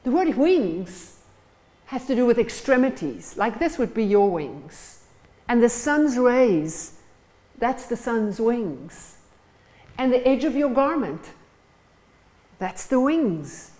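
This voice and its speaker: A woman's voice: on the high side, very animated, slow, pauses often, dark tone, rough recording. A woman preaching a sermon in church, retelling stories and acting out the scenes. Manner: storytelling, acts out the scenes.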